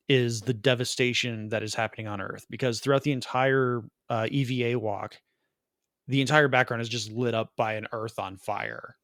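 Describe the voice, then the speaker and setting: A man co-hosting a podcast, rambling through a movie plot with quick asides and laughs. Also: mid-range voice, no echo, clean studio sound. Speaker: podcast co-host. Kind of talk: casual movie review chat.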